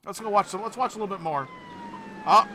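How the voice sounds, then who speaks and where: A man hosting a reaction video, cursing and ranting as he goes, dropping to mutters and then bursting into shouts, often trailing off and restarting his sentences. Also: high-pitched, fast, background noise. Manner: profane, ranting, swings between mutters and shouts. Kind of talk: casual reaction commentary.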